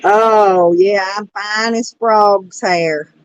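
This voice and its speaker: A woman's voice: medium pitch, fairly even intonation, drawn-out words, smooth. A woman chatting casually on a live stream, rambling and greeting viewers by name. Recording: dull dry lo-fi sound.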